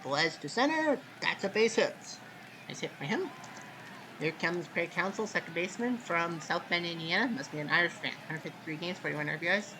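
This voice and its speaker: A man hosting casual play-by-play commentary of a simulated baseball game, relaxed and chatty, with sudden loud calls on big plays. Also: fairly high pitch, fairly quick, background noise.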